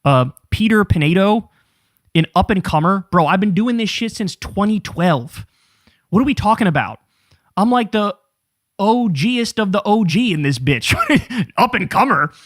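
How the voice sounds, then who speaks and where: A man's voice: high voice, normal speed. A man in his thirties hosting a casual political commentary show, ranting with sarcasm and plenty of swearing. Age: 30s. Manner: profane, animated, sarcastic ranting.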